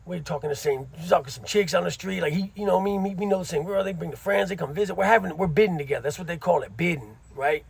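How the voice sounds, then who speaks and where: A man's voice: high voice, quick pace, gravelly, hardly any pauses, slightly rough. A middle-aged man casually telling a story from his time in prison, using street slang and frequent asides.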